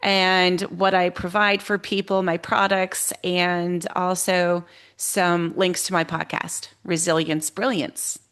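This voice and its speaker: A young woman who coaches on resilience, a guest in a podcast interview, answering slowly and restarting her phrases as she thinks. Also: fairly low pitch, level tone, a bit bright, clear, resonant tone. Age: young adult.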